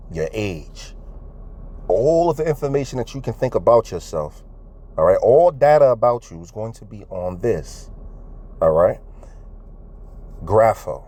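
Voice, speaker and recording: Indoors at home, a man offers casual religious commentary, swearing freely and firing emphatic questions straight at his viewers. His voice is fairly low, warm and slightly rough.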